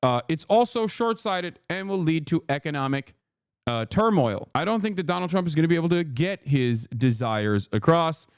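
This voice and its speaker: A man's voice: a little high, lively intonation, normal speed, clean tone, no room sound, clean studio sound. Profane heated male political streamer. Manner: profane, exasperated, mocking mimicry. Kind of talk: heated commentary reacting to news clips.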